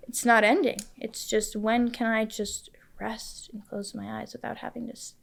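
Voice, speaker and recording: A young woman, a podcast guest, telling a painful personal story in halting, emotional speech. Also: a little high, flat delivery, vocal fry. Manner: halting, emotional, quotes others in her story. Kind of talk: personal testimony in a podcast interview.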